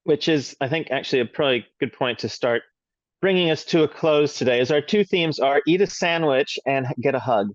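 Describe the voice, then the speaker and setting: A man's voice: a little high, a little fast, no echo. A laid-back man co-hosting a casual podcast, blunt and casually profane. His voice comes through a dull, lo-fi mic with a completely dry, deadened sound. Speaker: podcast co-host.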